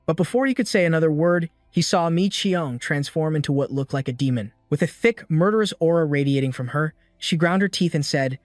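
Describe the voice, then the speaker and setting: A man narrating a comic story recap in a steady scripted style, reading the characters' quotes plainly. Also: on the high side, brisk, hardly any pauses, no room sound, studio quality, soft background music. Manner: even storytelling, reads quotes without acting them.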